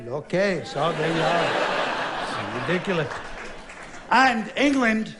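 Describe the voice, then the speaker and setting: A man's voice: high voice, lively intonation, normal speed, background noise. A man performing a sardonic stand-up comedy routine on stage before a laughing audience. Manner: wry, sardonic, conversational.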